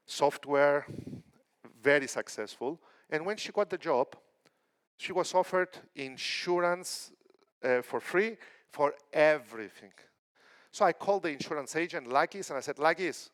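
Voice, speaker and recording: A middle-aged man from Cyprus delivers a conference keynote in a fairly high voice. He talks in a lively storytelling way and acts out the lines of the people in his anecdotes. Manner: animated storytelling with acted quotes. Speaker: keynote speaker.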